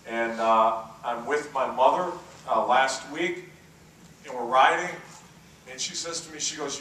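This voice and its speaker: Brief: man in his 50s, keynote speaker, bright and forceful delivery, heard from a distance in a very roomy hall. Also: medium pitch, steady tone, unhurried, slight background noise. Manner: anecdotal storyteller, checks in with the audience. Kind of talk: conference keynote speech. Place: conference hall. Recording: echoey hall from far off.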